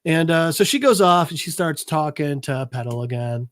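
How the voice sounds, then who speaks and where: A man on a podcast recapping a comic book issue in a casual, profane, animated way, acting out the characters' lines as he goes. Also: a little high, moderate pace. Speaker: podcast co-host presenting a comic segment.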